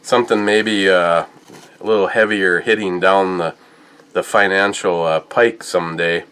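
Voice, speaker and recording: A man talking casually in a tasting review vlog, telling stories in a rambling, halting way. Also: sits low, steady tone, a bit bright, clear, resonant tone. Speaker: whiskey and beer reviewer.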